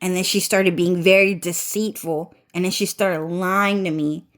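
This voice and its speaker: A woman's voice: fairly low pitch, fairly even intonation, unhurried. A woman ranting through a storytime vlog, swearing constantly and chaining "and then" with a stuffy, congested voice. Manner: profane, repetitive, chains "and then". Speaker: vlogger. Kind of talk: rambling storytime rant.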